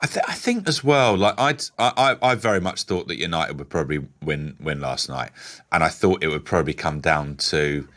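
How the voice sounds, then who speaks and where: Deep-voiced male radio presenter. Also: animated, moderate pace, a bit bright. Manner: chatty, laughs easily, restarts sentences. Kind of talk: live radio interview.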